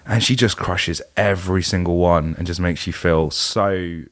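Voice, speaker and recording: English male actor guest, very low voice, self-deprecating chat. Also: moderate pace. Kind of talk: casual chat.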